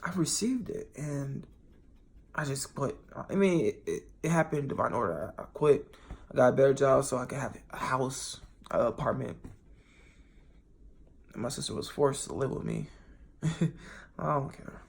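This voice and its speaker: A man's voice: mid-range voice, lively intonation, moderate pace, creaky. Rambling, profane man talking to viewers. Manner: rambling, with many restarts and sudden swings in loudness; swears freely and talks straight to viewers. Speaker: vlogger. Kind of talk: casual rambling monologue.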